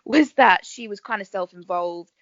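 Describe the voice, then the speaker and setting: A woman, a guest actress chatting in a podcast interview, bubbly and quick to laugh as she tells her stories. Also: mid-range voice, a bit bright, no echo, muffled recording. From England. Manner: chatty, bubbly storyteller who laughs often.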